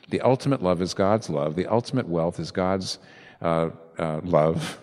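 A man preaching a sermon as pastor, swinging from soft asides to loud, emphatic peaks. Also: deep voice, big-room sound.

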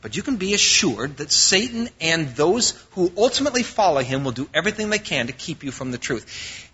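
A male pastor delivering a sermon in a bright, forceful, somewhat high voice. He works through scripture verse by verse, with fillers and restarts. The recording is dull and lo-fi. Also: very animated, fairly quick, breathy edge.

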